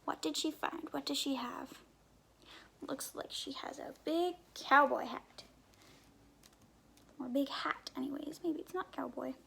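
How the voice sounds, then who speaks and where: Brief: woman reading a storybook to kids, gravelly, unhurried, lots of whispered questions. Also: high voice. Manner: gentle questions to young listeners, often dropping to a whisper. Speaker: story time reader. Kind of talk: reading a picture book aloud to children.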